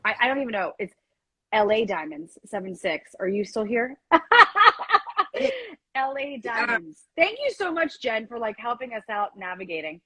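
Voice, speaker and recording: Breathy woman giving a rambling card reading. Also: mid-range voice, sing-song, fairly quick, dry recording, low-quality recording. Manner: gentle, rambling, lots of fillers. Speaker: card reader and reiki host. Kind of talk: live-stream card reading.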